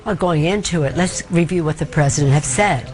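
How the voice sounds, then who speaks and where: An older woman with a low voice, speaking to the press as a politician. Her delivery is conversational, with self-deprecating asides. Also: a little fast, darkish tone, poor audio. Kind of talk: press remarks.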